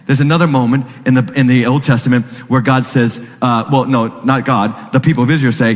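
Animated pastor preaching in a reverberant hall. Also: male voice, a little fast, hardly any pauses. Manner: animated, acts out voices with sudden high pitch jumps. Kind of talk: sermon.

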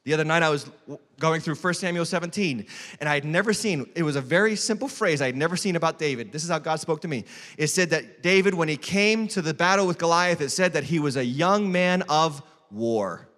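Bright-voiced preaching pastor. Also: male voice, on the high side, brisk. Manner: emphatic preaching, swinging from loud to hushed. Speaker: lead pastor. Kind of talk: sermon. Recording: long hall reverb.

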